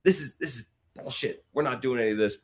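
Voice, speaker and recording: A man's voice: lowish voice, big pitch swings, moderate pace, bright, forceful tone, exaggerated voice. A man imitating his fiery, assertive wife in a raised voice, scolding and emphatic while telling a story. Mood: indignant.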